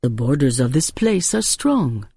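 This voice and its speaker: A woman's voice: a bass voice, sing-song, measured pace, vocal fry, mellow, husky, dry recording, clean studio sound, voice pushed down, heavily acted. A woman voicing a mysterious, somber grown man who speaks in formal, stilted phrases. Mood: grave.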